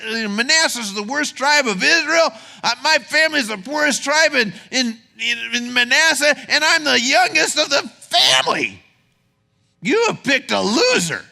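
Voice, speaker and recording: A man's voice: extremely high pitch, sharp tone, voice pushed up, full character voice. A male preacher voicing a timid, self-pitying young Gideon who complains he is a nobody, as sermon storytelling. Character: timid young man, Gideon, whining about being a nobody.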